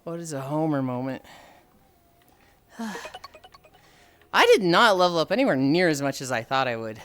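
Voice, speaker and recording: Woman streamer mid-walk, short of breath, chatty with chat, lowish voice that swings a lot, soft music underneath. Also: moderate pace, slight background noise. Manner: chatty, reads chat aloud, animated storytelling. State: out of breath, sighing. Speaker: livestreamer. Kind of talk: casual livestream chat while walking.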